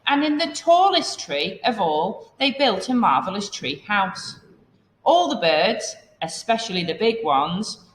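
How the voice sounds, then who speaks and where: Lively woman storyreader in a hall. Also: medium pitch. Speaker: story reader. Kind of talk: reading a children's book aloud.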